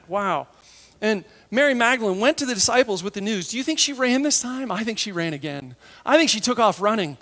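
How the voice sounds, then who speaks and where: A man preaching a sermon, animated, acting out the voices of biblical figures and dropping to a hush for tender moments. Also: sits high, normal speed, in a large hall.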